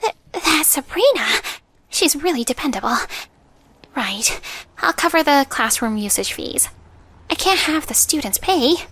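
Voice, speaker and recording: A woman voicing a flustered, domineering older mother-in-law who talks in a shrill, indignant way, in a narrated story. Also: very animated, a little slow, fairly bright tone, exaggerated voice. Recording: faint music underneath.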